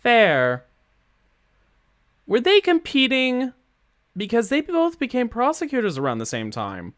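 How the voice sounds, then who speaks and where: A man's voice: extremely high pitch, huge pitch swings, unhurried, fairly bright tone, no room sound. A man casually chatting and rambling while streaming a game, giggling often, on a close microphone. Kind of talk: casual gameplay commentary. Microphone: close mic with pop filter.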